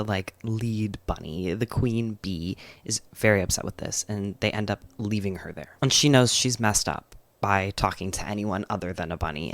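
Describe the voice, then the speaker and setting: A man recaps a novel for his book channel in a relaxed, chatty way, sprinkling in "like" as he goes. His voice sits a little low. The recording is dry and close, with no room sound. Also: no echo. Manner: chatty, frequent "like" fillers, enthusiastic. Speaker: book vlogger. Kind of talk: casual book summary and review.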